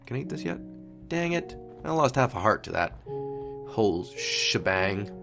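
A man's voice: mid-range voice, big pitch swings, a little fast, creaky. Young man muttering and swearing over gameplay. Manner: talks to himself, swears, mutters and exclaims. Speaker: gameplay commentator. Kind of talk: casual gameplay commentary. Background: game music.

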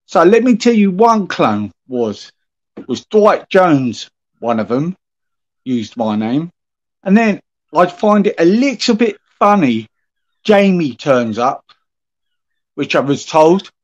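A man livestreaming an angry, swearing rant at his critics, confrontational and aggrieved. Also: on the high side. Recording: dull lo-fi stream audio.

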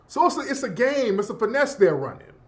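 High-pitched guy ranting, cussing a lot, laughing at his own jokes. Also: brisk. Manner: profane, laughing, animated rant. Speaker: commentator. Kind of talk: casual monologue.

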